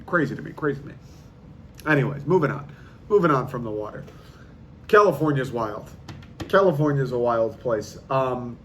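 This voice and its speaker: A man's voice: mid-range voice, a little hiss or hum. A man hosting a podcast, delivering a casual comedic monologue with incredulous ranting, slang and swearing. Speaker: podcast host.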